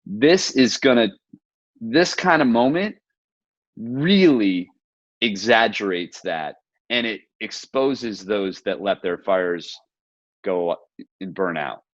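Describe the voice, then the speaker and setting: A man's voice: fairly low pitch, slow, pauses often, no echo, highs cut off. A man hosting a casual conversation, talking earnestly and reflectively, often telling short stories with quoted asides. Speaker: podcast host. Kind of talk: casual video-call conversation.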